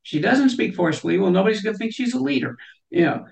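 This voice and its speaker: A woman's voice: mid-range voice, lively intonation, very fast, creaky, a little mellow. A woman guest in a conversational interview, talking thoughtfully and often saying "you know".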